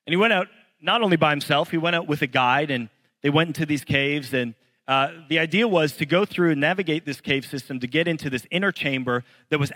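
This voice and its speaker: A man's voice: mid-range voice, a bit bright, dry recording, long reverb tail. A young adult male pastor preaching a sermon in church, telling stories earnestly and rising to pleading intensity. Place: church hall with congregation.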